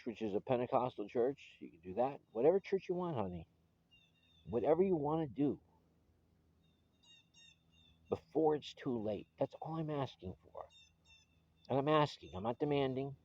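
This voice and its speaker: A man's voice: medium pitch, big pitch swings, a little fast, vocal fry, slightly rough, lo-fi sound. A man recording a personal video message to his estranged wife, earnest and pleading, often restarting his sentences.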